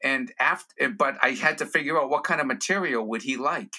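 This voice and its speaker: A man, a comedian and guest on a podcast interview, telling stories in an animated way and slipping into character voices. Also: mid-range voice, brisk. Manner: animated storyteller who slips into character voices.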